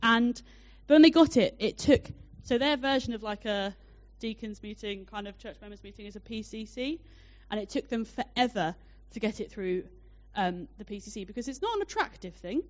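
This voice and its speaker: A young woman preaching a sermon, telling a personal story in a chatty, animated way with many fillers. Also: fairly high pitch, moderate pace, few pauses. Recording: dull lo-fi sound.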